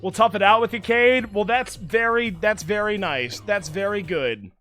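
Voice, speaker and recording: High, bright-voiced young male streamer, frantic. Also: moderate pace, soft background music. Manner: frantic, swings from exasperated shouting to deflated mumbling. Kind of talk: live gameplay streaming to chat.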